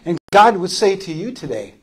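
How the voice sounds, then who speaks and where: A man preaching a sermon as pastor, his voice sitting a little high for a man. He takes his time, leaving space between phrases. He repeats lines for emphasis and swings from loud calls to soft, tender words. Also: expressive, takes it slowly.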